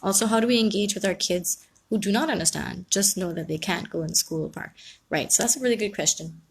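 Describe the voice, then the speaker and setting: A woman counsellor speaking calmly and reassuringly on a live stream, giving advice and answering viewers. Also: mid-range voice, quick pace, creaky, husky. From Guyana. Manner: calm, reassuring, reads out viewer comments.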